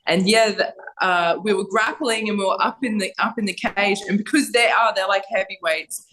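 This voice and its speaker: A woman's voice: mid-range voice, normal speed, fairly bright tone, a little hiss or hum, poor audio. A young Australian woman, a fighter, chatting as a podcast guest, blunt and laughing, swearing freely. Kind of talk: casual podcast chat. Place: Thailand.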